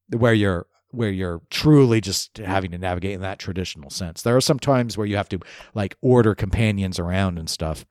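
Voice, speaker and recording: A man's voice: lowish voice, no echo, clean studio sound. A man co-hosting a gaming podcast, rambling in casual chat and chuckling as he talks. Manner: animated, rambling, chuckles while talking. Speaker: podcast co-host. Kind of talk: casual chat about video games.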